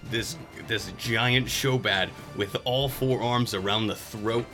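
A man's voice: fairly low pitch, takes it slowly, bright, forceful tone, faint music behind. A man narrating a tabletop game as game master, casual and laughing at times.

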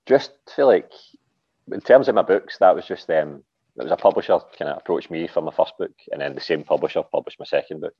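A man's voice: low-pitched, brisk, vocal fry, husky, no room sound, highs cut off. A man with a Glaswegian accent, an author guest chatting casually on a podcast, swearing freely and dropping "like" and "aye".

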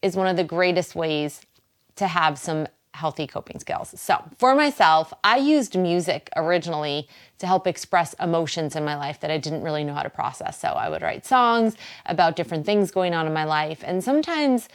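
A woman's voice: fairly low pitch, animated, normal speed. A woman from Boston with a Boston accent, hosting a wellness show in a chatty, encouraging way and laughing easily. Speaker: host. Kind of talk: casual wellness talk to camera.

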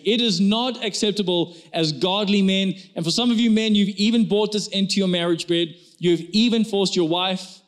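Man, pastor, high voice, urgent exhorting sermon, addressing a congregation. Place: church hall with a congregation.

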